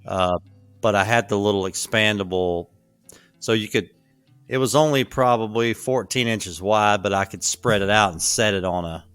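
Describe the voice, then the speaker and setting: A man's voice: on the low side, normal speed, a bit bright, clear, resonant tone, no room sound, faint music behind. A man talking casually as a podcast guest, rambling with lots of fillers. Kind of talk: casual conversation.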